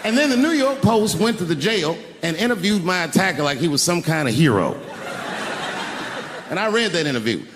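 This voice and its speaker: A middle-aged man doing a stand-up comedy set on stage, telling a story with sudden high yelps and low hushed asides. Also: sing-song, fairly quick, noisy background. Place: large theater stage. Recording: live hall with long reverb.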